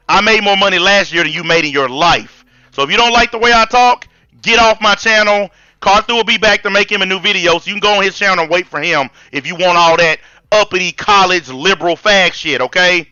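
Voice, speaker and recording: A brash Southern man, high and bright. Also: smooth, no room sound, lo-fi sound. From American South. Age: 40s. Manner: blunt, profane, combative ranting. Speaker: channel host. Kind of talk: heated live-stream debate.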